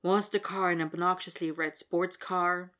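A man's voice: high voice, little pitch movement, unhurried, bright, forceful tone. A woman voicing a tired, dry-humored young college man. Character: weary, fond young college guy.

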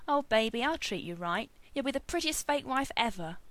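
A woman reading the lines of a confident, smug young man who teases and pleads in a storybook reading, with a dry sound and lively pitch. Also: normal speed, no echo.

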